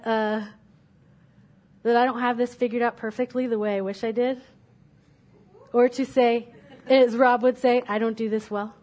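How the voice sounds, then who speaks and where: A woman's voice: on the high side, a little mellow. A woman preaching a sermon from a church stage, reading a parable aloud and then speaking candidly and reflectively about her own doubts.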